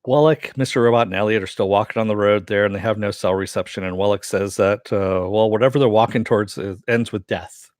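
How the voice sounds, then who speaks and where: A man's voice: fairly even intonation, quick pace, few pauses, no echo, clean studio sound. A man giving a casual, rambling recap of a TV episode, full of fillers and chuckles. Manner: loose storytelling with many fillers, chuckles often; voices the characters' lines with a lifted pitch. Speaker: TV reviewer.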